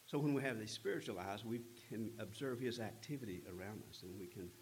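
A man preaching a sermon, retelling a scripture story in an earnest, unhurried way with frequent pauses. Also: on the low side, slight background noise, low-quality recording. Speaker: pastor.

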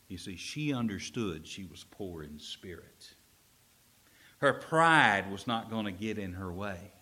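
A man preaching a sermon as pastor, telling a story with animated swings from loud emphasis to a near whisper. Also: fairly low pitch, measured pace.

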